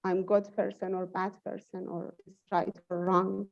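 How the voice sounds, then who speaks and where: A woman's voice: mid-range voice, level tone, measured pace, creaky, highs cut off. A woman in an English conversation class, reflecting aloud and searching for her words. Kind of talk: classroom discussion.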